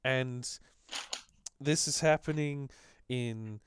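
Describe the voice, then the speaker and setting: A man hosting a casual political podcast, rambling and halting with frequent fillers. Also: mid-range voice, a little hiss or hum. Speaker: podcast host. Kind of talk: casual leftist podcast chat.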